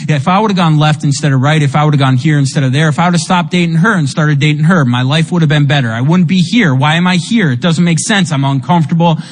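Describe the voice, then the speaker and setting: Speaking quickly with few pauses in a fairly high voice, a man shares his recovery story as a personal testimony talk, raw and emotional and peppered with "like" and "you know." Rueful laughter breaks through at times, and a long hall reverb fills the recording.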